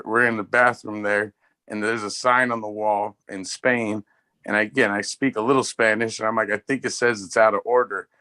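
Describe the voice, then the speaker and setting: A man's voice: lowish voice, bright, forceful tone. A man co-hosting a casual pop culture live stream, telling rambling, profane anecdotes. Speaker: podcast co-host. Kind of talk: casual chat, storytelling.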